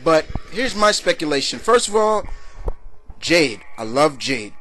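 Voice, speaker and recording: A man's voice: on the high side, sing-song, measured pace, a bit bright, faint music behind. A young man hosting a casual video blog, answering viewer questions in a rambling way with many fillers and restarts.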